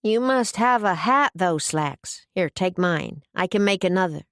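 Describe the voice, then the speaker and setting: A woman's voice: fairly low pitch, lively intonation, unhurried, dry recording, studio quality. Woman doing a friendly, joking young man.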